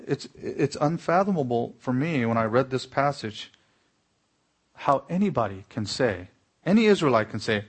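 A man's voice: mid-range voice, lively intonation, normal speed, slightly rough. A man preaching an earnest sermon as a pastor, building to pointed exclamations.

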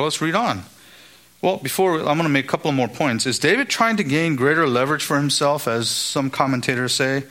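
A man's voice: medium pitch, vocal fry, a bit bright. A man giving an expository Bible teaching, asking rhetorical questions and acting out the lines of the characters he quotes.

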